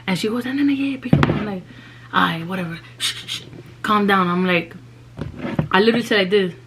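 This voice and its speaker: A woman's voice: mid-range voice, fast talker, noisy background. A young woman, telling a personal story in a casual, slangy vlog and dropping in Spanish phrases.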